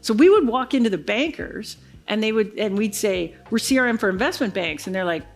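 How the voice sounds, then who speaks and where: A woman's voice: mid-range voice, fairly quick, vocal fry, faint music behind. A woman giving a conference keynote, telling a business story and acting out the other people's lines. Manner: animated storyteller acting out quoted dialogue. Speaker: keynote speaker. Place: large conference hall stage.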